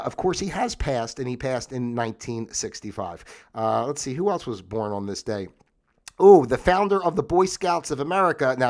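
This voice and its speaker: A man hosting a casual livestream, rambling through history notes with sarcastic asides and lots of fillers. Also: mid-range voice. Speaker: livestream host.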